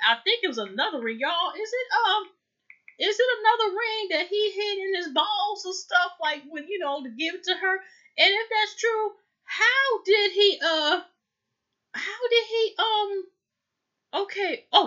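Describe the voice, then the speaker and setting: A woman's voice: extremely high pitch, sharp tone, muffled recording. A woman hosting a casual TV recap, rambling and chatty, often calling out to viewers. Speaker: reality TV review host.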